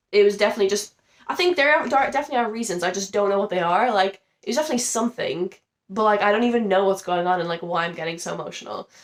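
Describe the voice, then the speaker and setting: A young woman in her twenties, sounding ill and under the weather, talking casually and emotionally to camera in a rambling vlog with many fillers. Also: mid-range voice. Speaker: vlogger. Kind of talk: casual confessional chat to camera.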